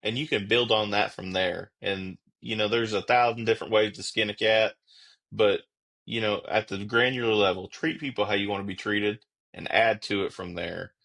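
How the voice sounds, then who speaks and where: A man who is a police officer and podcast guest, explaining his views in a steady, reflective way. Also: on the low side, moderate pace, gravelly. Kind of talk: casual conversational interview.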